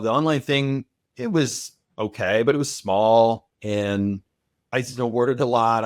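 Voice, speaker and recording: Fifty years old, this man is a podcast interview guest speaking confidently and reassuringly about his own story in casual chat. His voice sits lowish, captured in studio quality with no echo.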